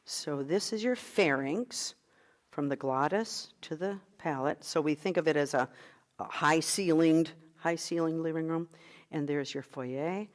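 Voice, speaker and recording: Middle-aged woman, vocal coach, encouraging, slightly low voice, guides breath work. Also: a little slow. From United States. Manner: guiding breathing exercises, encouraging. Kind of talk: online vocal workshop.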